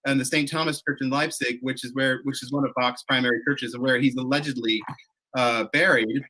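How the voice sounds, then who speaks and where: A man's voice: medium pitch, fairly even intonation, fairly quick, pushed and bright, poor audio. A man leading a chorus, telling its touring history in a rambling, self-correcting way, acting out quoted lines. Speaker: chorus leader. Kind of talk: conversational storytelling.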